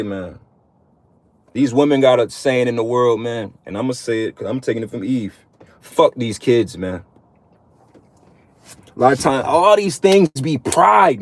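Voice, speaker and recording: A man's voice: on the high side, dry recording. A man in his thirties preaching bluntly and profanely to other men, often tagging sentences with "man". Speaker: religious vlogger. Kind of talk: profane street-preaching monologue.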